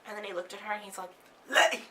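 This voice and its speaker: A woman telling a fairy tale with lively delivery, sometimes dropping to a whisper for suspense. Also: medium pitch, racing. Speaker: storyteller.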